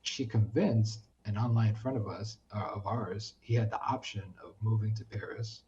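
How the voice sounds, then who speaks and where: A man from the United States, a podcast guest chatting casually, who tells animated stories and acts out what people said. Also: on the low side, moderate pace, muffled recording, slight background noise. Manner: animated storyteller, acts out quoted speech. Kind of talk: casual chat.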